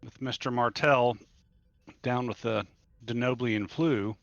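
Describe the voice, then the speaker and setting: A man's voice: medium pitch, steady tone, takes it slowly, gravelly, no echo, highs cut off. A man playing a starship captain in a tabletop role-play game, giving orders with many hesitations.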